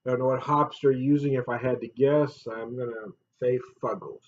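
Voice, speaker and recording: A man's voice: fairly even intonation, moderate pace. Male beer vlogger, casual and joking, laughs a lot; slightly dull lo-fi sound. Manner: chatty and jokey, laughs often, swings up loud and high. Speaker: beer reviewer. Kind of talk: casual beer review vlog.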